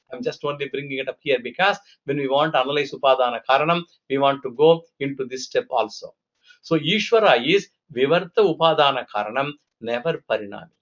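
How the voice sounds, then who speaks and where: A man's voice: medium pitch, a bit bright. A man giving a scripture lecture as a teacher, explaining patiently and asking and answering his own questions. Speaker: Vedanta teacher. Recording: dull lo-fi recording.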